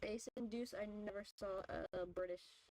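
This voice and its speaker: A woman's voice: medium pitch, fairly even intonation, normal speed, darkish tone, slight background noise, poor audio. Chatty woman rambling her opinions. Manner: rambling, filler-heavy opinion talk. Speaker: vtuber streamer. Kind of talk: casual chat while drawing.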